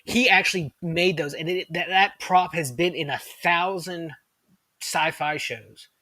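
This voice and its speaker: A man's voice: fairly high pitch, a little slow, pushed and bright, dry recording. A man co-hosting a podcast, chatting with enthusiasm, rambling with lots of fillers and restarts. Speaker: podcast co-host. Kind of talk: casual chat.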